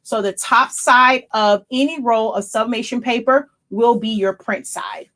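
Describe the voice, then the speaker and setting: A middle-aged woman who owns a small printing business chats casually while she works through a live craft demo. She thinks out loud and corrects herself mid-sentence. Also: fairly high pitch, measured pace. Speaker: small business owner demonstrating sublimation printing.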